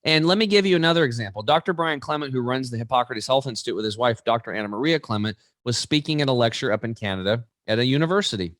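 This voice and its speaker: A man in his forties, a guest in an interview, telling stories in an animated, emphatic way. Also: medium pitch, fast, hardly any pauses, no echo, studio quality. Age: 40s.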